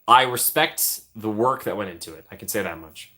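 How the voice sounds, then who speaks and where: A man's voice: on the low side, lively intonation, normal speed, sharp tone. A man hosting a casual live stream, joking around and thanking his chat. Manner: jokey, thanks chat often, trails off into asides.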